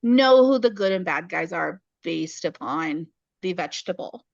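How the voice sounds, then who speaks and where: A woman co-hosting a podcast in casual chat, recapping a story in detail with wry, deadpan asides. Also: on the low side, measured pace, gravelly, no echo. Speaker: podcast co-host. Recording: dull lo-fi podcast audio.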